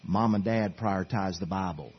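A man's voice: low voice, normal speed, husky, highs cut off. A middle-aged man preaching a sermon to his church as their pastor, earnest and pleading, urging them again and again. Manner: earnest, pleading, repetitive exhortation. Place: church sanctuary.

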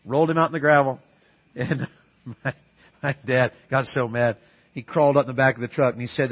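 Husky preacher telling family tales. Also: male voice, medium pitch, fairly even intonation, a little fast, long pauses, lo-fi sound. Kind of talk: storytelling sermon.

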